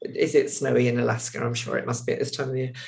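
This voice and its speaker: A woman with a Southern English accent chatting on a video call as a podcast panelist, warm-hearted and given to hesitant restarts. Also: extremely low pitch, level tone, fast talker, creaky. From Southern England. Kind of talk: casual chat.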